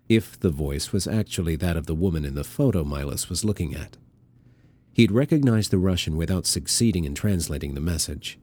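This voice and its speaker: A male narrator reading a novel in a measured, deliberate manner. His voice is very deep and mellow, with a warm, dark tone. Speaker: audiobook narrator. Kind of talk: scripted narration.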